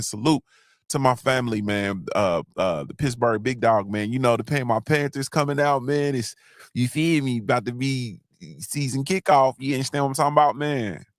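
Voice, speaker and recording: A man hosting a casual podcast chat, rambling loosely through stories and shout-outs and often checking in with "you understand what I'm saying.". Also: medium pitch, no room sound, studio quality. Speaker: podcast host.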